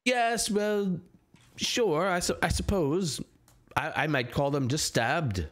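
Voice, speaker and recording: A man's voice: a little high, slow, a bit bright. A man voicing a blustering middle-aged Irish watch captain with a put-on Irish accent and evasive, bumbling reassurance.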